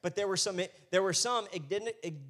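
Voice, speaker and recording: Young man, pastor, slightly high voice, animated sermon delivery, hushed to loud. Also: fairly quick.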